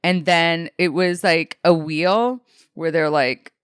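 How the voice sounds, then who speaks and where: A woman's voice: lowish voice, slow, clean tone, no echo, studio quality. A young woman from Alaska, a comedian, telling stories casually in an interview, swearing often and acting out what people said. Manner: animated, swearing, acts out quotes in other voices. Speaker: comedian guest.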